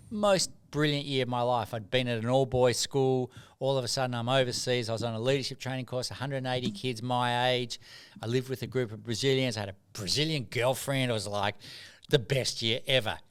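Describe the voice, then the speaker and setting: A man's voice: medium pitch, fairly quick, clear, resonant tone. A middle-aged man, a doctor telling earnest stories as a podcast guest. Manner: earnest, animated anecdotes with frequent restarts. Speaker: guest, doctor and rites of passage mentor. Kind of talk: reflective storytelling in podcast conversation.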